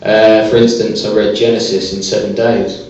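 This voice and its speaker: Deadpan male comic in an echoey club. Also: fairly low pitch, normal speed, a crowd in the background. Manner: deadpan one-liners with hesitant fillers. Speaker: stand-up comedian. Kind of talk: stand-up comedy set. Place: small comedy club stage with a live audience. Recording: echoey, distant, dull live club recording.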